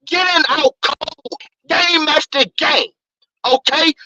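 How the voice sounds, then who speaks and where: A man's voice: very high voice, slow, bright, forceful tone, slight background noise, rough recording. A man calling in to a sports show, ranting angrily, stammering and repeating words. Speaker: caller. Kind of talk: heated sports call-in rant.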